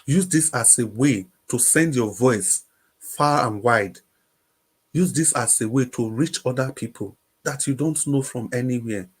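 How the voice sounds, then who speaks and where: A Nigerian man hosts a livestream, delivering impassioned political commentary and repeating phrases for emphasis. His mid-range voice is a little slow with a breathy edge, captured on a livestream microphone.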